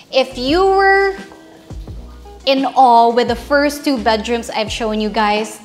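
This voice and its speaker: A woman with a Filipino accent hosting a casual house tour, chatty and playful, joking with her viewers as she walks room to room. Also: fairly high pitch. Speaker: real estate house tour host. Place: inside a large house, walking room to room.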